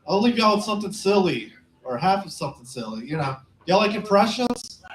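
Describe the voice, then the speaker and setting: Crude deadpan young comic, high voice. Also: male voice, brisk. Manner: deadpan, crude, asks the crowd questions. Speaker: stand-up comic. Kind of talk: stand-up comedy set. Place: small comedy club. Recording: roomy club echo.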